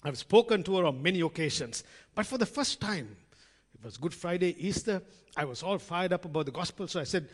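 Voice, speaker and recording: Animated preacher in an echoing hall. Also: male voice, sits high, a little fast. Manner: conversational, addresses congregation as friends; acts out quoted voices in storytelling. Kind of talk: sermon. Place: church hall. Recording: long reverb in a large hall.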